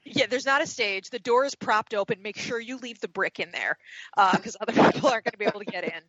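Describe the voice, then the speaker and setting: A woman's voice: a little high, fast talker, fairly bright tone, dry recording, highs cut off. A woman co-hosting a casual podcast, chatting and laughing often. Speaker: podcast co-host. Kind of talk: casual chat.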